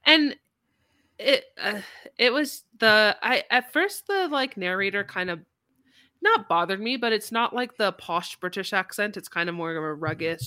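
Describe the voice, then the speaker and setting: A woman's voice: mid-range voice, expressive, measured pace, pushed and bright, no room sound, studio quality. A woman co-hosting a podcast, recommending a book in casual, rambling chat with many fillers. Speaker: podcast co-host.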